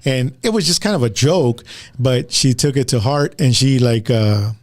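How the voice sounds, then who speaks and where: A man's voice: mid-range voice, moderate pace, darkish tone. Guy rambling through a story on a chat show, keeps restarting sentences, medium voice. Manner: rambling, repeats words and restarts often. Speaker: podcast host. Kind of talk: casual storytelling to listeners.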